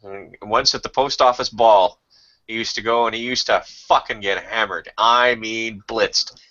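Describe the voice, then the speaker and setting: Bright-voiced man telling profane stories. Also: fairly low pitch, fairly even intonation, a little slow. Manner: profane, laughing anecdotes. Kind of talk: casual storytelling chat. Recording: dull lo-fi sound.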